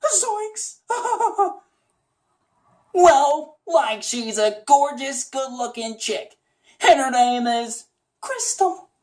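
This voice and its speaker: A man's voice: extremely high pitch, very animated, very slow, long pauses, a little mellow, pitched above the performer's own voice, exaggerated voice. A lanky cartoon slacker who is always hungry and easily spooked. The voice sits far above a normal speaking range and cracks and wobbles, with laid-back "like, man" slang. It is heard in a roomy, echoey space. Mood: goofy, dreamy.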